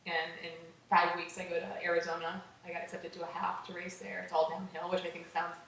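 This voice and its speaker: Woman interview guest, casual storyteller, lowish voice, far from the mic in a boomy room. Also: fast. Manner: animated, acts out quotes, many "like"s. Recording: echoey room, distant mic, faint noise.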